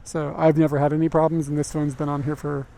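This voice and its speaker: A man's voice: fairly high pitch, level tone, fast, vocal fry, mellow. Chatty young man on a helmet mic. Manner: rambling and chatty, many fillers, laughs easily. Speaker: livestreamer. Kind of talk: casual live-stream chat while riding. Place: outdoors on a motorbike at night in city streets. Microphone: helmet-mounted mic. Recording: faint traffic noise behind.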